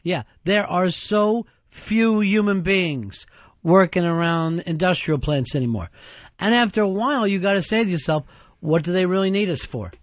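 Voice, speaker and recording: High-voiced man teasing on talk radio. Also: animated, no room sound. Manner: dry, teasing, quick comebacks. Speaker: radio talk show host. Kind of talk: casual talk radio banter. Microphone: studio microphone. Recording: dull, dry studio broadcast sound.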